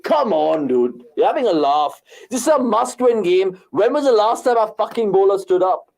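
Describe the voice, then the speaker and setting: A man's voice: sits high, lively intonation, normal speed, vocal fry, darkish tone. A man, co-hosting a live cricket watchalong, ranting in frustration and swearing often. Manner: heated, swearing, exasperated ranting. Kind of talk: live match reaction chat.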